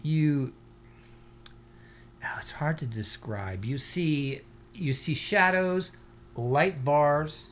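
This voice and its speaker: Animated rambling male interview guest. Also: a little high, very slow, long pauses. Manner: animated, rambling storyteller full of "you know". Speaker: guest, scuba diver and paranormal investigator. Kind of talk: casual interview chat.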